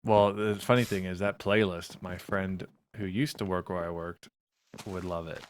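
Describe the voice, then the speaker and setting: A man's voice: low voice, fairly even intonation, normal speed, a little hiss or hum. A man co-hosting a podcast in casual chat, often hesitating while searching for words. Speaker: podcast co-host.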